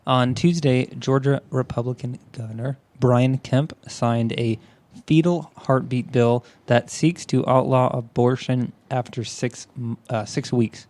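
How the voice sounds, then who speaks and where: Male podcast co-host, warm mellow tone, dry close mic, reading a news piece. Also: mid-range voice, dry recording. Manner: steady, measured reading. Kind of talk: reading a news article aloud.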